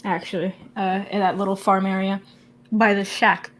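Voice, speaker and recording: A woman's voice: mid-range voice, level tone, moderate pace, fairly bright tone. A woman narrating a tabletop game as game master, giggling often and talking loosely with many fillers.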